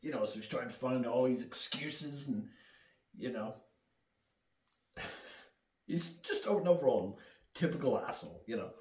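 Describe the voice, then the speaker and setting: A man's voice: mid-range voice, lively intonation, measured pace, pauses often, a little mellow, far from the mic. A man casually recapping a film plot, swearing often, laughing and rambling as he goes. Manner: profane, laughing, rambling storyteller. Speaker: film reviewer. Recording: echoey room, mic set back.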